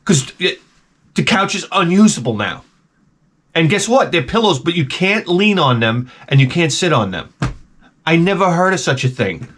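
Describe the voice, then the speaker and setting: Male host, lively rambling storyteller, slightly high voice, big swoops in pitch. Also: moderate pace. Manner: animated, jumps between impressions and asides. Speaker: channel host.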